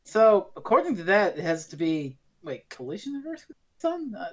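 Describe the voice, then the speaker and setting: A man co-hosting a podcast, chatting casually about a TV serial, animated and swearing freely as he acts out quotes. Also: high-pitched, moderate pace, crowd noise. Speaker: podcast co-host. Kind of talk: casual review chat.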